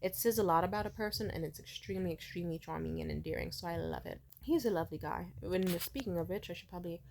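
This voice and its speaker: A woman's voice: on the low side, quick pace, vocal fry, a little hiss or hum. A young woman vlogging in a casual, swear-filled storytelling way, acting out the people she quotes. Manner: profane, animated, acts out quoted people.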